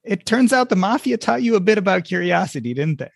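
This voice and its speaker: A man hosting an interview, introducing a section of the guest's book in a measured way. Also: high voice, sing-song, vocal fry, dry recording, clean studio sound. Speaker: interview host.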